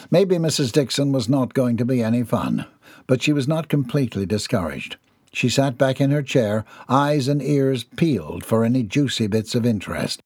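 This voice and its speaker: A man's voice: medium pitch, animated, normal speed, darkish tone, husky, no room sound, clean studio sound. A man narrating a comic novel as an audiobook reader. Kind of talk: scripted narration.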